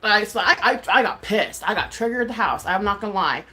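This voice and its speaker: A woman's voice: medium pitch, expressive, fairly quick, sharp tone. A woman, a mom and streamer, ranting casually to her viewers, exasperated and swearing freely with lots of "like". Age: adult mom. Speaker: YouTuber and streamer.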